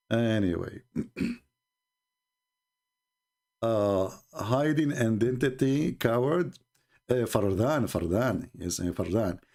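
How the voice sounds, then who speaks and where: Sarcastic guy, english not his first language, mid-pitched, mocks stuff in squeaky quote voices. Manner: sarcastic, mocking, animated retelling with bursts of laughter; pitch jumps high for mocking quotes. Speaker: religious commentator. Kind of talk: mocking monologue.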